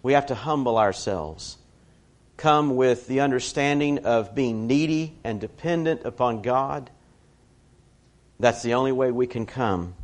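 A man preaching a sermon in a conversational way, telling stories with personal asides. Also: medium pitch.

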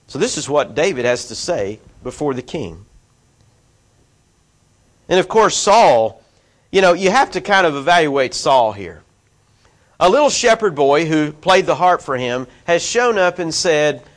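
A man's voice: fairly high pitch, lively intonation, moderate pace, a bit bright. Man teaching scripture in a conversational way. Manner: conversational, asides to listeners, voices quoted figures. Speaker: preacher. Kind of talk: expository Bible teaching.

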